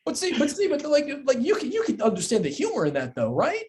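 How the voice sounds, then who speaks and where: A young man co-hosting a sports podcast in casual chat, animated and incredulous, repeating himself and swearing freely. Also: very high voice, fast talker. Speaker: podcast co-host.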